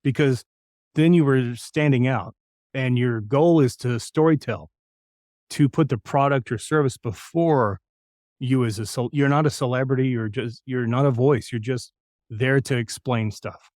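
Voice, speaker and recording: A middle-aged man from New Mexico, a voice actor telling lively anecdotes in an interview. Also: mid-range voice, unhurried, dry recording, clean studio sound. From New Mexico, USA. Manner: lively anecdotal, acts out quoted lines. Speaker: voice actor guest. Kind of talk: interview storytelling.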